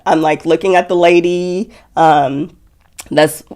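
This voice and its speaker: Woman telling a painful story, lower voice. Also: fairly even intonation, slow pace, darkish tone. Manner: frequent "like" fillers, quoting herself and others. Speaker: guest sharing a personal story. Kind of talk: emotional conversational storytelling.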